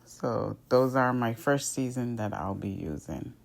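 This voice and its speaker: A woman with an extremely low, expressive voice and vocal fry speaks at a measured pace. She's a home cook hosting her own cooking channel, chatting through each step in a voice-over recorded apart from the video and often starting lines with "so now."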